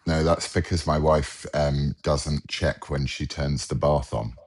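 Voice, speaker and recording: Deep-voiced British man joking on a call. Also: level tone, unhurried, husky. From England. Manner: joking, self-deprecating banter. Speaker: podcast co-host. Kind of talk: casual chat on a video call.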